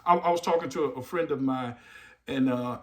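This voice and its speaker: A man hosting a motivational morning talk, energetic and preachy, repeating rhetorical questions and sometimes shouting. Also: mid-range voice, a little fast. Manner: loud bursts and shouting at the start. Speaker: motivational speaker and host.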